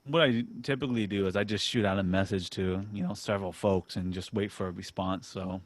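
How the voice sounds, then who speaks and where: A man hosting a casual podcast chat, relaxed and self-deprecating, laughing often and restarting his sentences. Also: deep voice, fairly quick. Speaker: podcast host.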